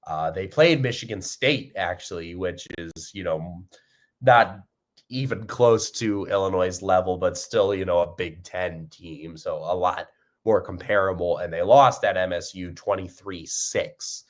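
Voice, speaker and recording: A man's voice: deep voice, a little slow. A young man hosting a fan podcast, rambling upbeat commentary with lots of fillers and restarts.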